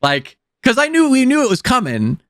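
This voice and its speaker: A man's voice: extremely high pitch, wildly swooping pitch, moderate pace, a bit bright, no room sound, studio quality. A man co-hosting a podcast, reviewing a film in casual chat and often hunting for words with many fillers. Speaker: podcast co-host.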